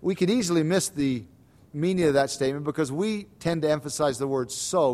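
A pastor preaching a sermon, swinging between soft lines and emphatic, repeated calls. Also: male voice, on the high side, brisk. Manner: repeats words for stress.

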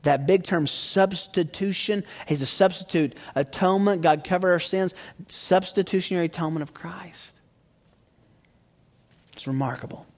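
This sermon is given by a man with a high voice at a moderate pace. He drops to near-whispers, builds to loud emphatic peaks, and throws rhetorical questions at the congregation.

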